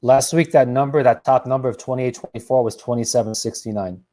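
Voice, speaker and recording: A man's voice: mid-range voice, fairly even intonation, brisk, dark tone. A man hosting a real estate show, running through market statistics with uh and um fillers. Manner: runs through numbers, hesitant fillers. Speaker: realtor host.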